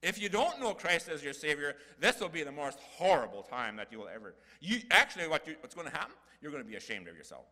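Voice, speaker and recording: A man's voice: a little high, big pitch swings, fast, hardly any pauses, bright, forceful tone. An older man preaching a sermon in a church hall, earnest and folksy, building to emphatic peaks.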